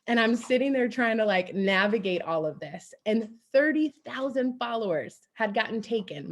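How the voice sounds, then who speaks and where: Energetic woman telling her story. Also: mid-range voice. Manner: energetic, animated storytelling with acted-out quotes. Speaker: guest speaker on a team coaching call. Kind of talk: motivational team call talk.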